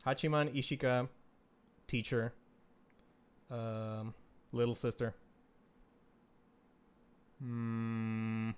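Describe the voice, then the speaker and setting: A man co-hosting a casual anime discussion, animated and swearing freely, sometimes shouting when excited. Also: medium pitch, extremely slow, long pauses, clear, resonant tone. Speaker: co-host.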